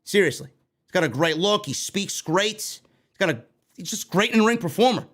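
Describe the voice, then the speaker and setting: A man's voice: sits high, normal speed. A man from New York hosting a wrestling news show, ranting heatedly with a lot of swearing. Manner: animated, heated, heavy swearing. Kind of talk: profane ranting commentary.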